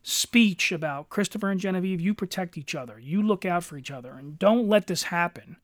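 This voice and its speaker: Middle-aged male co-host, high voice, dry close sound, blunt and profane. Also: fairly quick, no echo. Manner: blunt, swears freely. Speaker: podcast co-host. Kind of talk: casual chat.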